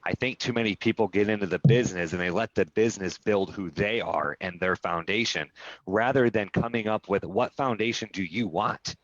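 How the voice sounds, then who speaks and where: A man's voice: on the low side, a little fast, no echo. A man being interviewed on a live video call, telling a personal story in an earnest way and often asking "right?". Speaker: real estate brokerage executive, guest. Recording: dull lo-fi sound, dry.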